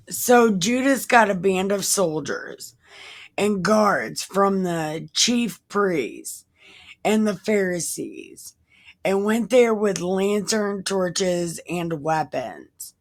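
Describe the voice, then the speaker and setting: A woman's voice: medium pitch, animated, drawn-out words. A woman reading Bible passages aloud and breaking off for irreverent, profane, wisecracking asides in a casual tone. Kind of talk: casual scripture reading with commentary.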